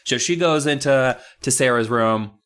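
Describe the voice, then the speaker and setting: A man's voice: mid-range voice, fairly bright tone, smooth. Profane joking man recapping a story. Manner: profane, jokey, acts out characters in quick voices. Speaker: podcast co-host recapping a book. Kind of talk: casual comedic recap.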